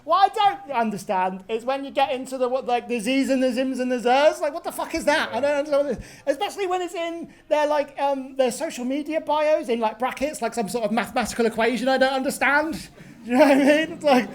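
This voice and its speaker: A woman's voice: sits high, expressive, fast talker. A woman in her twenties doing a sweary stand-up set in a pub, ranting and tagging lines with "right?". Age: 20s. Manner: swearing, ranting, tag questions. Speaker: stand-up comedian. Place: pub venue.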